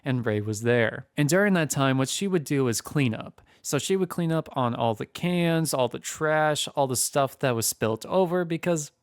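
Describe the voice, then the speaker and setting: Young man, casual storytelling, mid-pitched voice, dry close sound, acts out quotes. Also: animated, normal speed, hardly any pauses, clean tone, no room sound. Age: young adult. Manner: chatty, re-enacts what people said.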